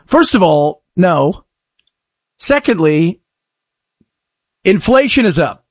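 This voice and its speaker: Sarcastic talk radio host, high lively voice. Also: male voice, slow pace, pauses often, no room sound, studio quality. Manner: sarcastic, mocking shouts. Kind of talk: opinionated talk radio monologue.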